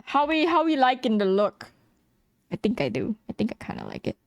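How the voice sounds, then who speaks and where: A woman's voice: on the high side, wildly swooping pitch, a little fast, vocal fry, no echo, clean studio sound. Sleepy, giggly woman streamer. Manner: chatty, swearing, laughing, self-mocking. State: tired. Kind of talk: casual chat while drawing on stream.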